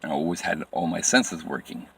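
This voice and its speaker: Man, very low voice, personal storytelling, halting, repetitive phrasing. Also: gravelly, husky.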